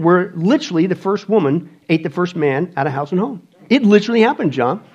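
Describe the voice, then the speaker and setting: Emphatic preacher man, higher voice. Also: husky. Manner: emphatic, rhetorical questions, swings from loud to quiet. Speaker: pastor. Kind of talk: sermon.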